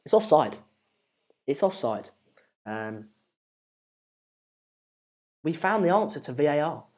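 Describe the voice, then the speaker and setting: A man's voice: on the high side, very animated, takes it slowly, a little mellow. A man with an English accent hosting a live stream, chatting casually and reading out viewer comments in a rambling, jokey, self-deprecating way. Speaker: livestream host.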